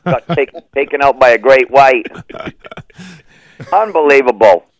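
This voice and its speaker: A middle-aged man, a stand-up comedian guesting on a radio show, telling stories in a deadpan, animated way and acting out the voices of people in them. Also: mid-range voice, unhurried, no room sound, low-quality recording. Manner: deadpan, animated joke delivery with voiced quotes. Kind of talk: comic storytelling on radio. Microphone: radio studio microphone.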